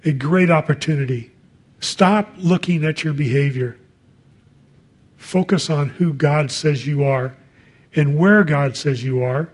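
A man's voice: on the high side, darkish tone. A man preaching a sermon in a conversational way, reading scripture and adding casual asides.

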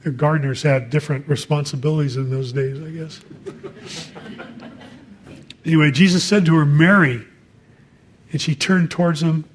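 A man's voice: a little high, fairly even intonation, normal speed, long pauses, slight background noise. A man preaching a sermon in a conversational way, reading scripture and adding casual asides.

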